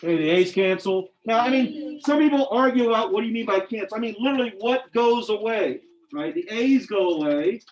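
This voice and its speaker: A math teacher with a high, animated voice talks fairly quickly while teaching his class algebra. He keeps things informal and jokey, quizzing students as he works through problems. The classroom recording sounds dull and lo-fi.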